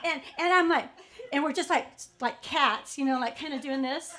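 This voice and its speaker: A woman's voice: high voice, moderate pace, a bit bright. A woman telling a true personal story live, chatty, laughing often between lines and acting out what people in the story said.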